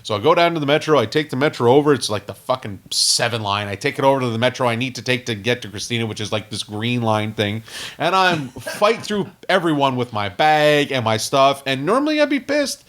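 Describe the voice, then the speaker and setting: A man's voice: mid-range voice, lively intonation, brisk, a bit bright. A man telling a long, profane, rambling story in casual chat with friends. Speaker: podcast regular telling a story.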